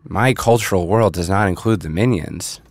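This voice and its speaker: Low-voiced male podcast co-host, dry close sound, careful explainer. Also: moderate pace, slightly rough, no echo. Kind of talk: casual chat.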